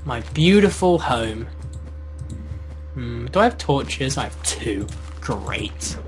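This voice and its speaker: A man's voice: mid-range voice, big pitch swings, takes it slowly. A young man co-hosting a gaming video, chatting casually and playing at being offended with mock sarcasm. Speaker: gamer co-host. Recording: game music behind.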